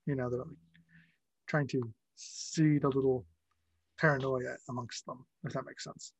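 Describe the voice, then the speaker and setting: A man's voice: medium pitch, flat delivery, unhurried, creaky, slightly rough, dry recording, rough recording. A man playing a tabletop game, talking hesitantly and restarting often. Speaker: player. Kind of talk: casual tabletop game play.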